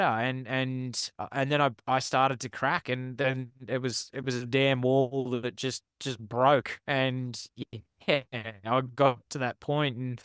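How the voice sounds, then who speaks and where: Smooth-voiced man telling stories. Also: mid-range voice, a bit bright, dry recording, studio quality. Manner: rambling, frank, self-deprecating with many restarts. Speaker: podcast guest, author. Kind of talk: candid personal storytelling.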